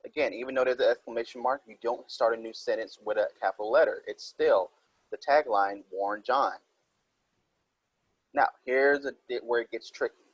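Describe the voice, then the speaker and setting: Husky-voiced man teaching a writing lesson. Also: medium pitch, fairly even intonation, moderate pace, dry recording, rough recording. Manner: explains step by step, reads example sentences aloud. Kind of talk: recorded writing minilesson.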